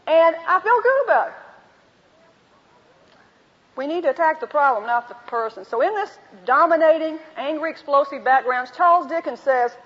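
A woman teaching a women's group, telling a story and acting out both sides of the conversations. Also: high-pitched. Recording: dull lo-fi recording in a reverberant hall.

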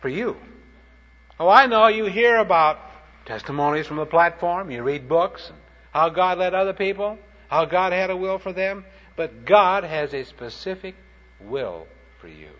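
A man's voice: high voice, lively intonation, moderate pace, fairly bright tone. A man preaching a sermon, telling short anecdotes in a plain-spoken, punchy way. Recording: dull lo-fi recording.

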